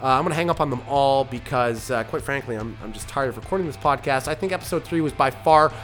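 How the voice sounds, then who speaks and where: A man's voice: mid-range voice, fast, fairly bright tone, soft background music. A man from Canada hosting his own comedy podcast alone, rambling through jokey digressions and interrupting himself. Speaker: podcast host and producer.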